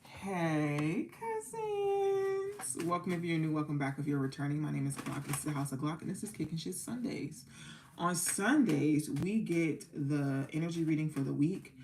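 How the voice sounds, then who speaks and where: Woman, young adult, low-pitched, casual livestream talk, tired, soft background hiss. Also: brisk, poor audio. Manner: chatty, loose, sings along to music between remarks. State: sleepy and exhausted. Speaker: tarot reader and livestream host.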